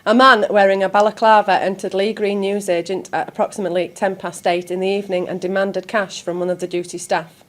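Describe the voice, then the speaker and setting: A woman, a community TV presenter reading local news in a measured, steady way. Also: mid-range voice.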